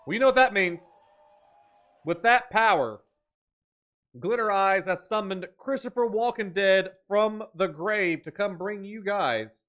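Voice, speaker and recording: A man hosting a live horror-game stream, giving energetic commentary and teasing his chat with jokes. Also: sits high, unhurried. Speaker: streamer host.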